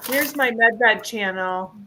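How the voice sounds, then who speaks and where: A woman's voice: on the high side, slow pace, sharp tone, slight background noise. A woman hosting a casual group video chat, teasing her friends and laughing often. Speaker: host.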